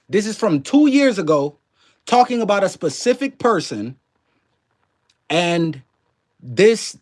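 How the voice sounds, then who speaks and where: Dude streaming live w a half new orleans half canadian accent, kinda high voice, cussing casually n chatting w viewers. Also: male voice, darkish tone. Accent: mix of New Orleans and Canadian. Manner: loose and chatty, swears freely, greets chat viewers by name. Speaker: livestream host.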